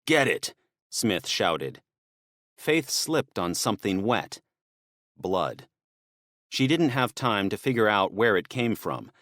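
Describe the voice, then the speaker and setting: A man reads an audiobook in a steady, measured manner, his pitch fairly low. The scripted narration is studio quality with no echo.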